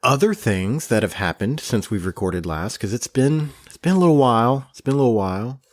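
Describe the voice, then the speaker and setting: A man co-hosting a casual podcast, his pitch rising and falling as he tells a story. He acts out the people in it and laughs often as he goes. His voice sits in an ordinary middle range. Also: animated, brisk. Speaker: podcast co-host.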